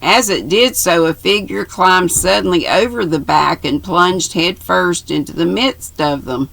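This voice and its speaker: An older woman reads a novel aloud at an unhurried pace, stopping now and then to fix a slip. Her voice has a gravelly, creaky grain and a bright, forward tone. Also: fairly low pitch. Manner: unhurried, stops to correct herself. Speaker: reader.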